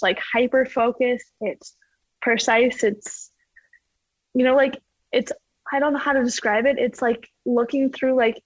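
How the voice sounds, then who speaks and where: A woman's voice: fairly high pitch, no echo. Chatty woman, slightly muffled recording. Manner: chatty, full of "like" and "you know". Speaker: ski jumper guest. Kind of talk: casual interview answers. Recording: slightly dull lo-fi sound.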